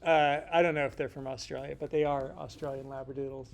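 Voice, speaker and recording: A man's voice: medium pitch, flat delivery, fast talker, gravelly. A middle-aged man teaching a casual lecture in a rambling, joking way, full of slangy asides. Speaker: instructor.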